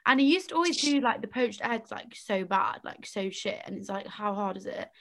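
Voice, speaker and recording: A woman's voice: mid-range voice, normal speed, gravelly, fairly bright tone. A young woman in her twenties, chatting casually and bluntly about old jobs. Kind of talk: casual chat.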